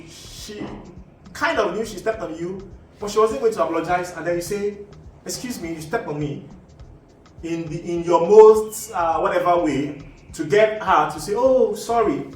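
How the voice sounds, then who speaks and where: A host with a Nigerian accent explains things in a casual, rambling monologue, full of "you know" asides and restarts. His high-pitched voice moves at a moderate pace, with a little hiss or hum, recorded from a distance in an echoey room with faint background ambience.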